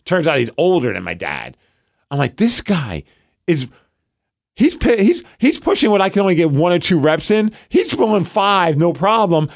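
Picture a man in his thirties chatting on a podcast, his pitch sitting a little high and swinging widely as he gets into a story. He pokes fun at himself and acts out his own thoughts mid-sentence. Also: sing-song, moderate pace, gravelly. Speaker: podcast co-host. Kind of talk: casual chat.

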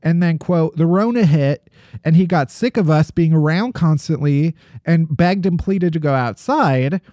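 A man co-hosting a podcast, telling strange news stories in a jokey, animated way. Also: a little high, unhurried, no room sound, clean studio sound. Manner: jokey, animated storytelling with laughs. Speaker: podcast co-host. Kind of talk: casual comedic news chat.

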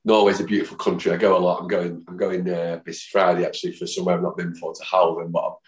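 There's a clear room echo as a man in his fifties from Manchester talks fast with little pitch movement in his deep, low voice. Appearing on a podcast as a football fan, he spins rambling stories and jumps into the voices of those he describes.

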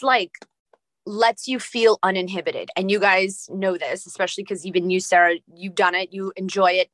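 Bright, effusive woman co-host. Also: medium pitch, dry recording. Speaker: podcast co-host. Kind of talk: casual chat.

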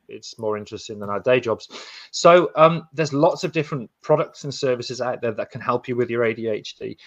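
A man's voice: medium pitch, no room sound. A man co-hosting a podcast, giving earnest, practical advice in casual chat with frequent restarts. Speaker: podcast co-host. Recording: dull, dry lo-fi sound.

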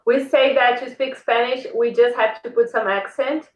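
A woman from Brazil with a Brazilian Portuguese accent, speaking English as a second language in a casual interview, hesitant with many fillers and quick to laugh. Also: a little high, fairly even intonation, roomy sound, rough recording. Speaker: guest.

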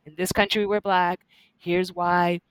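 A woman's voice: fairly low pitch, level tone, a little slow, clear, resonant tone, dry recording, close to an everyday voice. A woman putting on the voice of a female classmate, firm and declarative, in a retold story. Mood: insistent. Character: insistent Black woman student from the South.

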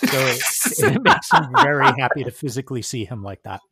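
A man's voice: medium pitch, huge pitch swings, a little fast, vocal fry, crowd noise. A man, a player in a tabletop game, chatting cheerfully and describing his character's actions. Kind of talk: casual tabletop game chat.

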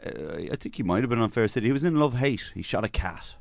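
A man's voice: medium pitch, expressive, fast, vocal fry, a little mellow, no echo. An Irish man from the country, co-hosting a comedy podcast with dry, teasing humour. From Ireland. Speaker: podcast co-host.

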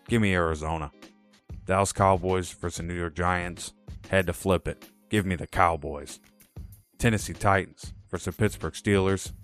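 A man hosting a solo sports podcast, running through picks with punchy, jokey asides. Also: low voice. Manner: animated, punchy pick announcements with jokey asides. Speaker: podcast host.

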